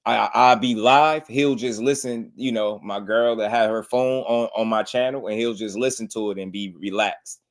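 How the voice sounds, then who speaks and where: A man's voice: on the low side, fairly even intonation, moderate pace, hardly any pauses. A man, hosting a casual boxing livestream and chatting loosely with his viewers. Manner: loose and talkative, slangy.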